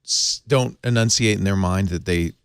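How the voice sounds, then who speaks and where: A man's voice: low-pitched, moderate pace, clear, resonant tone, no echo. A man hosting a podcast in a studio, chatting casually and playfully, laughing often and reading limericks aloud. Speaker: podcast host. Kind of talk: casual panel chat.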